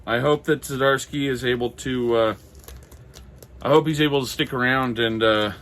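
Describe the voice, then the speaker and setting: A man from Minnesota chatting casually on his own about comics, halting and apologetic with lots of fillers, his throat going dry. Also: mid-range voice, fairly even intonation, a bit bright. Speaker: comic collector vlogger. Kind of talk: casual solo chat.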